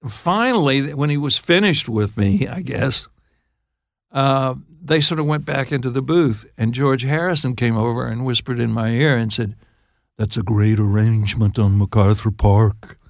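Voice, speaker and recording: An older man, a songwriter guest on an interview show, telling stories in a halting, laughing way. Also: mid-range voice, vocal fry, no echo, studio quality. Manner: halting, restarts phrases, laughs while telling. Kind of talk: casual storytelling interview.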